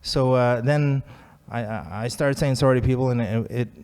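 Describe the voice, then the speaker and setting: A man's voice: mid-range voice, normal speed, darkish tone, clean tone. A man sharing his recovery story at a meeting, chatty and self-deprecating, laughing often. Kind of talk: personal story at a recovery talk.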